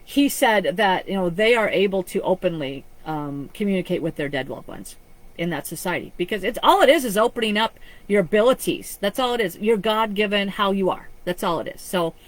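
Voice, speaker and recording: Woman psychic, live-stream reading, earnest, rambling, restarts often, mid pitch. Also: expressive, brisk, low-quality recording. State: choked up with emotion. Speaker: psychic medium.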